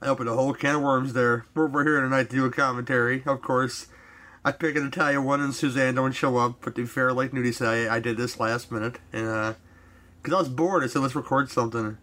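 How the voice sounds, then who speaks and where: A man's voice: medium pitch, fairly even intonation, fast, pushed and bright. A man hosting a casual movie commentary podcast, rambling easily with fillers and restarts. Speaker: podcast host.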